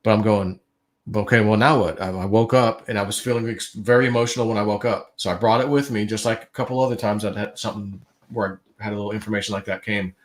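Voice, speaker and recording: A man's voice: on the low side, steady tone, fast talker, few pauses. A man on a livestream telling a long dream story in a casual, rambling way, full of fillers and restarts. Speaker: guest.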